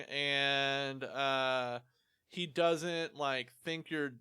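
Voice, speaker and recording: A man's voice: medium pitch, flat delivery, drawn-out words, pushed and bright, clean tone, dry recording. A man co-hosting a casual gaming chat, retelling scenes by quoting characters. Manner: retells scenes with quoted lines. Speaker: podcast co-host.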